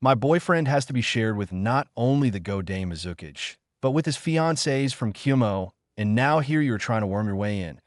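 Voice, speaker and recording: A man's voice: mid-range voice, lively intonation, moderate pace, hardly any pauses, no room sound, lightly acted. A man voicing a jealous, irritated teenage ninja girl in a storybook reading. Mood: annoyed.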